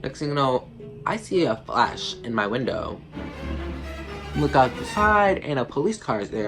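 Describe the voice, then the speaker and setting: A teenage boy with an ordinary mid-range voice tells a casual storytime to his channel. He rambles, piling on fillers and "like" as he goes. Clear background music runs under his voice. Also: medium pitch, very animated, normal speed. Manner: rambling, filler-heavy, lots of "like". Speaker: vlogger.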